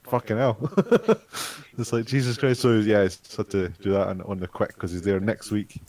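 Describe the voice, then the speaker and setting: A young Scottish man rants casually to his friends in a fairly low voice, swearing freely. His tone stays exasperated and informal. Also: normal speed, a little mellow. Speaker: tabletop game player. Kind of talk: casual chat.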